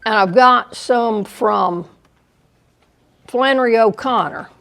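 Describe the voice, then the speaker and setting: A woman with a Southern US accent giving a museum lecture, deliberate and dry, with wry asides to the audience. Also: a little high, vocal fry, fairly bright tone. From American South. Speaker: guest lecturer.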